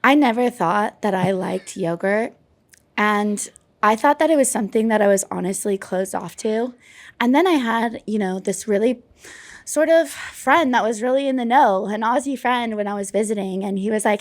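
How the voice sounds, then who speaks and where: A woman's voice: mid-range voice, moderate pace, no echo. A woman comedian telling stories in a playful, self-mocking way during a casual chat. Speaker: comedian guest.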